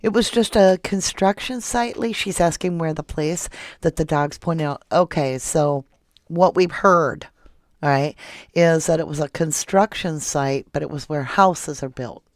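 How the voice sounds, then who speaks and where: Low-voiced blunt woman livestream host. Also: unhurried, no echo, clean studio sound. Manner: opinionated, blunt, reads out chat messages. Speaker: true crime livestream host. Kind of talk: casual livestream chat reading viewer comments. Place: home.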